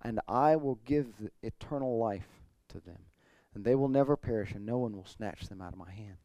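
A man's voice: fairly low pitch, normal speed, warm tone, dry recording. A man pastor preaching an expository sermon, earnest, building to emphatic points. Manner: earnest preaching, rising emphasis, occasional throat clearing.

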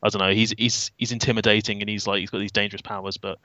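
Stammering British man, bright dry tone. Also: fairly low pitch, flat delivery, very fast, no room sound, lo-fi sound. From Britain. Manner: stammering, many restarts and fillers. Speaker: podcast co-host. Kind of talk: casual chat.

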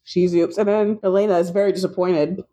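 A woman co-hosting a podcast in casual chat, reacting with dry, quick quips. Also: lowish voice, fairly even intonation, warm tone. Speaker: podcast co-host.

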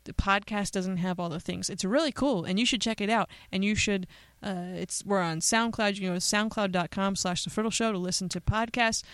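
A woman's voice: medium pitch, fairly quick, fairly bright tone, no echo. A woman hosting a radio show, talking casually and playfully with joking, chatty asides in a studio. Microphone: studio microphone.

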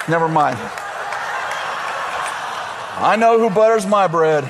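A man's voice: fairly high pitch, expressive, takes it slowly, big-room sound, a crowd in the background, noisy background. A man preaching a sermon, telling comic stories and acting out the voices of the people in them. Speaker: pastor.

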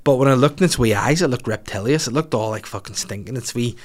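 A man's voice: mid-range voice, quick pace. A man hosting a podcast, telling a rambling comic story with lots of swearing. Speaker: podcast host.

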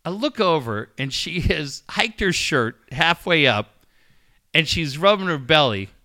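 Casting: middle-aged man, fairly high bright voice, animated storyteller who acts out quotes. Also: measured pace. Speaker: coach and father. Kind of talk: casual storytelling chat.

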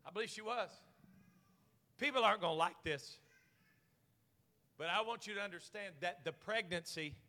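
Male pastor, high bright voice, preaching in a reverberant church, dynamic swings from soft to shouting. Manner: swings from quiet to shouting, call-and-response preaching. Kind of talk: sermon. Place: church sanctuary.

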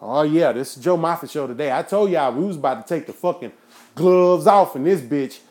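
A man hosting his own show, ranting in a profane, preachy monologue that flares into shouting. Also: on the high side, lively intonation, a little fast. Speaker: podcast host.

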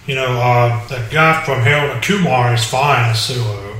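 A man co-hosting a casual podcast chat, talking in halting bursts with many fillers and restarts. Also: mid-range voice, a bit bright. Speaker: podcast co-host. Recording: echoey room, mic far off.

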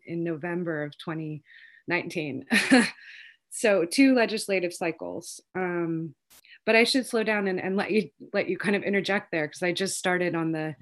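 A woman speaking quickly and informally in an interview, piling on fillers and restarts as she tells a long story. Her voice sits a little low for a woman. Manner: fast, rambling, many fillers. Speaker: lawyer and cannabis advocate.

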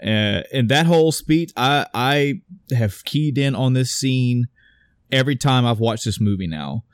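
A young man in casual chat, retelling a movie with animated energy and some swearing. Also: medium pitch, measured pace, smooth, no room sound, studio quality. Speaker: podcast co-host discussing a movie.

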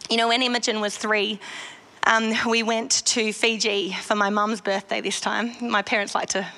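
A woman's voice: medium pitch, level tone, normal speed, bright, forceful tone. A woman giving an earnest devotional sermon, stressing points by repeating phrases. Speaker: Christian devotional speaker.

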